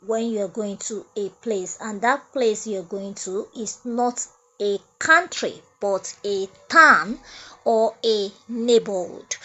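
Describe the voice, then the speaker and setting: A woman teaches French grammar at a classroom whiteboard, saying each example twice. She speaks very slowly and patiently. The recording sounds muffled and lo-fi. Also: mid-range voice, bright, forceful tone. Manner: repeats phrases slowly, explains step by step. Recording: dull lo-fi sound.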